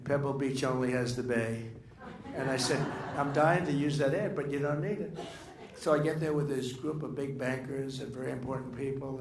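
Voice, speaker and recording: Older male speaker, fairly high voice, loose digressive delivery, echoey hall with faint room noise. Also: gravelly. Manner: rambling, digressive, with many fillers and restarts. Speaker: political speaker. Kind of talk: off-the-cuff dinner speech. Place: dinner event in a large room.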